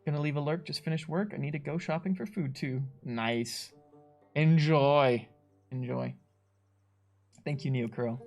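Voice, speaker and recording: A man's voice: mid-range voice, creaky, husky. Chatty man co-hosting a livestream. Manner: chatty, laughs often, animated when mimicking players. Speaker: streamer co-host reading chat. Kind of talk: casual livestream chat.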